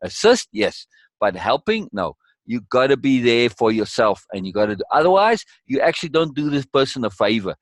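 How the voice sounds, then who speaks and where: A man's voice: medium pitch, big pitch swings, moderate pace, dry recording. A man leading a course session in conversational teaching style, emphatic and repeating key words for weight.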